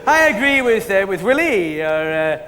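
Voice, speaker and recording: A man's voice: sits high, sing-song, normal speed. A man with a Scottish accent impersonating a rambling, forgetful older football pundit who loses names mid-sentence. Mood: chuffed. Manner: rambling, forgetful, full of "you know" and "eh?". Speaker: comedian doing an impression. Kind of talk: live sketch comedy. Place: live stage before an audience. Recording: live hall with audience and noise.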